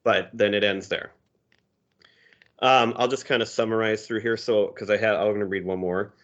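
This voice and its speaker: A man's voice: lowish voice, fairly even intonation, normal speed, a bit bright, muffled recording. A man co-hosting a podcast, a teacher, casually reading comic strips aloud and chuckling as he explains them. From Minnesota. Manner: easygoing, chuckling storyteller.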